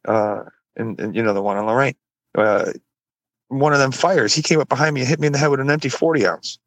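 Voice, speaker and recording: Husky man telling rowdy stories. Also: fast talker, dry recording. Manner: swearing, animated, jumps high when quoting people. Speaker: podcast co-host. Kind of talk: casual chat, storytelling.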